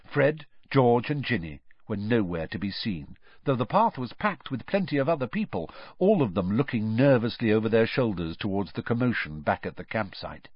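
Brief: male audiobook narrator, animated delivery, muffled lo-fi, no room echo. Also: on the low side. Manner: measured storytelling with lively swings. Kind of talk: scripted narration. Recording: dull dry lo-fi recording.

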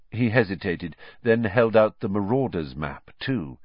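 A man narrating a story audiobook with expressive, varied reading. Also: sits low, moderate pace, few pauses, dry recording. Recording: dry, slightly dull lo-fi audio.

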